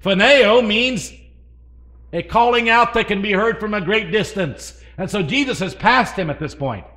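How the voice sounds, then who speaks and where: Guy preaching, high bright voice, gets loud then goes soft, asks the crowd stuff. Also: expressive, normal speed. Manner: dynamic, swinging between loud emphasis and hushed asides; asks the congregation questions. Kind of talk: sermon.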